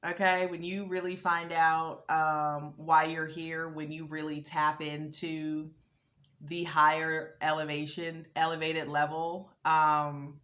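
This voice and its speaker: A woman hosting her own channel, talking casually to camera with many ums and a building excitement. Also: sits low, slow pace. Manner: relaxed, lots of ums, rising excitement. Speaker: vlogger host.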